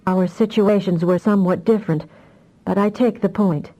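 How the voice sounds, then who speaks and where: A woman voicing a distraught telepath mother, voice pitched high. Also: steady tone, moderate pace, warm tone, natural voice, poor audio. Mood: rueful. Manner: distressed, pleading, emotional. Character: anxious, fiery telepathic mother, adult woman.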